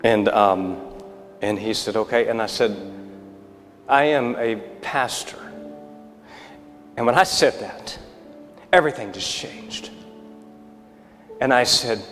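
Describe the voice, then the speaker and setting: A man in his thirties preaching a sermon, telling a story with acted-out dialogue and lively shifts between excited and hushed delivery. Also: fairly low pitch, measured pace, pauses often. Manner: animated storyteller, acting out dialogue, dropping to a hushed close. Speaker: pastor. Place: church sanctuary. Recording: reverberant church live stream with faint music.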